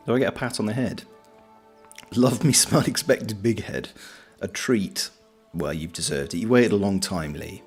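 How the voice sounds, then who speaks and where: A British man streaming, chatting casually and reading out viewer comments in a joking, self-deprecating, rambling way. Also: fairly low pitch. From Britain.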